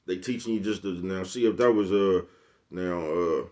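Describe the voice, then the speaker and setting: A man's voice: low voice, a little slow, a little mellow. A man with a Bay Area accent talking casually to camera in a slangy, rambling monologue and laughing often. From San Francisco Bay Area. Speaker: vlogger.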